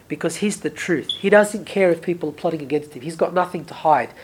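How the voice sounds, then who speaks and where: A Bible study teacher giving an earnest verse-by-verse talk, repeating key phrases for emphasis and moving between emphatic and hushed delivery. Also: medium pitch, husky.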